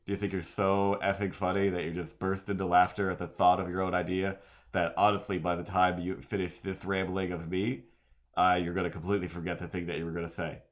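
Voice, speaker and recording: A man's voice: sits low, little pitch movement, a little fast. A man chatting casually on a drawing livestream, rambling and poking fun at himself with lots of fillers. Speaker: streamer and artist.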